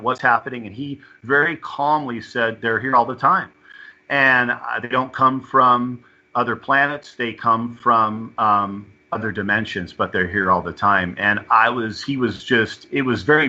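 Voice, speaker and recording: A man telling a personal experience as an interview guest, halting and often repeating or restarting his words. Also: medium pitch, pushed and bright, lo-fi sound.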